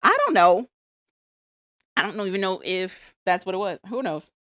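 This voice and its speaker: A woman's voice: medium pitch, quick pace, no room sound, studio quality. A woman co-hosting a podcast, casually recapping a reality show and acting out the lines people said. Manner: animated storytelling, acts out quotes. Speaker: podcast co-host.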